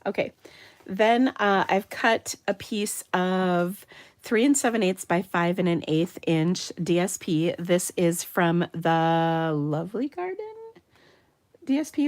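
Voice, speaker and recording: An upbeat woman crafter demonstrates a card step by step in her home craft room, her voice pitched a little low. She chats freely and laughs easily while she works. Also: darkish tone. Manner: chatty, upbeat, laughs often. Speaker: card-making tutorial host.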